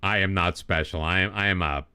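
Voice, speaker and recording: A man's voice: low voice, a little fast, pushed and bright, clean tone, no echo. A middle-aged man chatting casually on a live game stream, rambling and self-deprecating, with many restarts. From United States.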